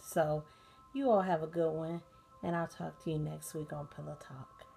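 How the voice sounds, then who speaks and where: In a dim nighttime bedroom with soundscapes and faint music in the background, a tired, sleepy American woman hosts a bedtime talk channel. Her low, gravelly voice keeps a moderate pace as she chats casually, laughing often and using many fillers.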